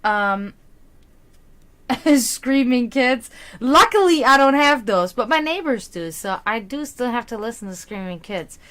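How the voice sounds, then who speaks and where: A woman's voice: on the high side, lively intonation, unhurried, fairly bright tone. A young woman chatting casually with her stream viewers as a psychic reader, laughing often and restarting her sentences.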